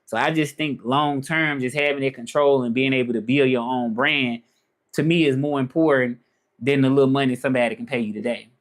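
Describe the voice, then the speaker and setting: On a live stream, a man chats casually in a relaxed, rambling way, often asking "you know what I'm saying." His voice is mid-range and brisk.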